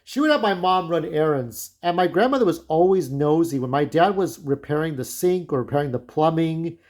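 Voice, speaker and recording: A man with a voice a touch higher than usual talks through a loose, reminiscing monologue. He is blunt and candid, wanders off on tangents and swears freely. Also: lively intonation, fairly quick, darkish tone. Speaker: vlogger.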